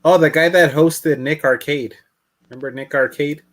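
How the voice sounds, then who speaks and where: A man's voice: on the high side, fairly even intonation, moderate pace. A man chatting and teasing his friends in casual banter on a live stream. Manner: laughing, teasing.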